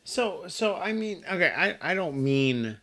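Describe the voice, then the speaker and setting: A man co-hosting a podcast, ranting in a casual, animated way with plenty of swearing. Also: high voice, a little slow. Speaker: podcast co-host. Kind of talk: casual chat.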